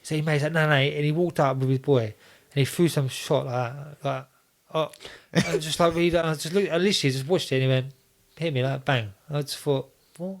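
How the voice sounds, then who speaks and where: A man tells a wild story in a rush of slang. He talks fast in a slightly higher voice and stumbles and restarts as he goes. The retelling is loose and excitable. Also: vocal fry. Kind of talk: casual storytelling.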